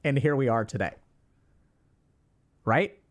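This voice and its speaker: A man in his thirties giving life advice to his chat in casual livestream talk, emphatic and animated, swearing now and then. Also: medium pitch, takes it slowly.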